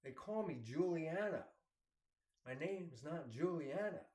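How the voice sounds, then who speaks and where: A man's voice: a little high, animated, slow pace, darkish tone. A man telling rambling personal stories in a casual way, often repeating words and laughing as he talks. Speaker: storyteller. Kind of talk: casual storytelling. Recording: roomy echo.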